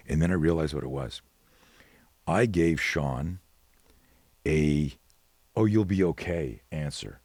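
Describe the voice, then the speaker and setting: A middle-aged man with a very deep, husky voice tells stories as a podcast guest. He is animated and slips into other people's voices as he acts out the dialogue. The recording is dry and close. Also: slow pace, pauses often, no room sound. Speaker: guest, self-defense expert. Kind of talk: storytelling in a podcast interview.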